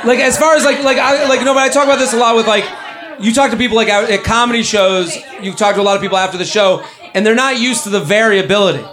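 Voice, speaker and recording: A man hosting a live comedy advice show on a club stage, riffing in quick, joking, rambling bursts. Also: high voice, fairly bright tone. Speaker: comedy podcast host. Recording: live audience crowd noise. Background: audience laughter.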